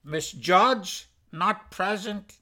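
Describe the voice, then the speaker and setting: This is a teacher working through a vocabulary lesson at an extremely slow, deliberate pace. The voice has a bright edge. Each word is said, repeated and then explained with several English synonyms, in a patient, plain manner. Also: mid-range voice. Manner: plain, patient explaining with soft asides and small laughs. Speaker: language teacher.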